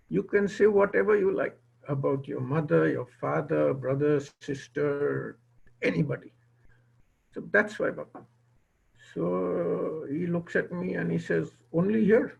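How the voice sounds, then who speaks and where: Gravelly older man retelling a memory. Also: a little high, lo-fi sound. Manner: retells remembered dialogue, quoting others. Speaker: guest speaker. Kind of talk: storytelling talk. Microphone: video call.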